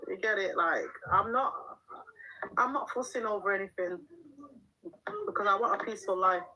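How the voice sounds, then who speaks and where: A middle-aged mum hosts a live stream, chatting frankly, laughing often and reading and answering viewer comments. Her mid-range voice is pushed and bright at a moderate pace, in a low-quality recording with slight background noise.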